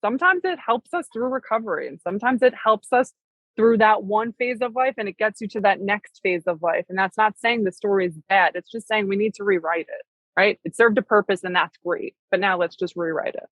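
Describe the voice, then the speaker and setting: A woman's voice: medium pitch, fairly quick, dry recording, poor audio. A young adult woman co-hosting a casual talk show, speaking earnestly and reflectively. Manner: earnest, reflective, says "right?" and "like" often. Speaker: podcast co-host. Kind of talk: casual conversation.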